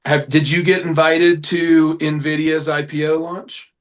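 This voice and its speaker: Higher-voiced man explaining with passion. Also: level tone, a little slow. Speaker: guest, company founder. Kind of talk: casual interview chat.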